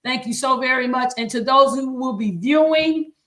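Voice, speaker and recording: A woman's voice: sits high, normal speed, a bit bright. Earnest preacherly woman choir director, roomy. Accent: slight Southern American. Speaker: choir director and show host. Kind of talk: live-stream teaching talk. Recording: roomy echo.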